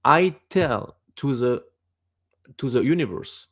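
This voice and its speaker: A man in his fifties with a Quebec French accent speaks slowly, picking his English words one at a time. He is a native French speaker, talking casually as a guest in an interview. His voice sits at an ordinary middle pitch. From France. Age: 50s. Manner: halting, searching for English words.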